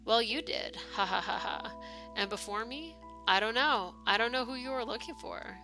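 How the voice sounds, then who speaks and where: A woman's voice: fairly high pitch, moderate pace, voice pushed up, natural voice. Unsettling masked hospital nurse acted by a woman, taunting and giggly, faint music behind. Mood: mocking. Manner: mocking, laughing while claiming sorrow. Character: cheerfully sinister masked female nurse, laughs constantly.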